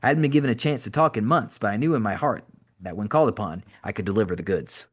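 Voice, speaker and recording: A man narrating an audiobook in a brisk, wry first-person reading. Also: on the low side, lively intonation, husky. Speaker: podcast host reading an audiobook.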